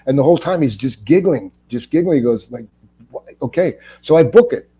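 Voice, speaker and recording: A middle-aged actor appearing as an interview guest tells anecdotes casually and animatedly, acting out the people in them. His mid-range voice is quick and slightly rough, and he stumbles into restarts when excited.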